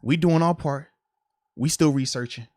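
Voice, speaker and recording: A man co-hosting a casual sports podcast, playful and animated, laughing often as he talks. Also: a little high, moderate pace, no echo, studio quality. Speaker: podcast co-host.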